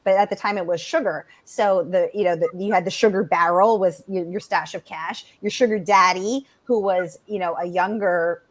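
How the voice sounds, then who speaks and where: A woman author answering interview questions, animated and chatty, with many fillers. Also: fairly low pitch, moderate pace, hardly any pauses. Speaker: author, guest.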